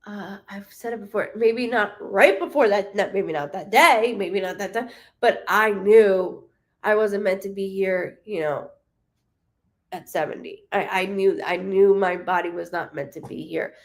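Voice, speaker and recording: A woman speaking as a deceased man of about seventy, blunt and intuitive, halting and repeating himself. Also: medium pitch, pitched below the performer's own voice, lightly acted. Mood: reflective.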